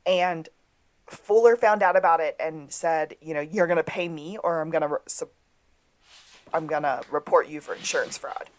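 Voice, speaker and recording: A woman co-hosting a podcast, casually retelling a TV episode and acting out the characters' lines. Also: deep voice. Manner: storytelling, acts out quotes with drawn-out delivery. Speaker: podcast co-host. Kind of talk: casual episode recap chat.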